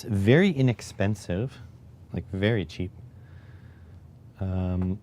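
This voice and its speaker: A man with a lowish, dark and mellow voice talks loosely through an electronics build on a live stream. He wanders off topic, cracks jokes and pokes fun at himself. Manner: rambling, joking, self-deprecating.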